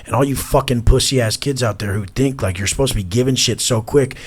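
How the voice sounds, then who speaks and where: A man's voice: medium pitch, fairly quick, slightly rough. A man in his thirties, a podcast guest talking bluntly and intensely, swearing often. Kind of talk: casual chat.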